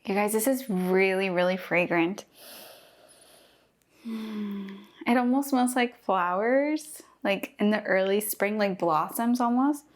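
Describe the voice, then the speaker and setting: A young woman from Mexico, chatty and excited, thinking aloud while tasting a fruit for a food vlog. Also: mid-range voice, takes it slowly. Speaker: cooking vlogger. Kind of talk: casual first-impressions tasting vlog.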